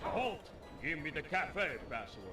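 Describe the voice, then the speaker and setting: An actor playing a gruff male guard demanding passwords, barking brusque commands, from game audio. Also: on the high side, sing-song, a little slow, bright, forceful tone, faint music behind, exaggerated voice. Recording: game audio, roomy and distant.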